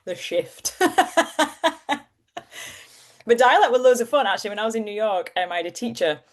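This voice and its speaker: A young woman with a soft Yorkshire accent, chatting as an interview guest, animated and comedic, laughing often. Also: fairly high pitch, moderate pace. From Yorkshire, England. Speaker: actor and presenter, guest. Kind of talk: casual interview chat.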